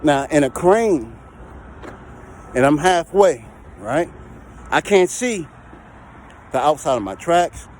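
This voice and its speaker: Chatty man with a higher voice. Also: animated, slow pace, pauses often, a little mellow, slight background noise. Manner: repetitive, conversational, keeps checking in with the listener. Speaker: heavy equipment and recovery operator. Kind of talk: casual vlog talk to camera.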